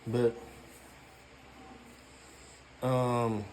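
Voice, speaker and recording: A man ranting in a casual vlog, rambling and profane, filling every gap with "you know" and now and then breaking into loud shouting. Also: mid-range voice, level tone, extremely slow, a little hiss or hum. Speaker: YouTuber.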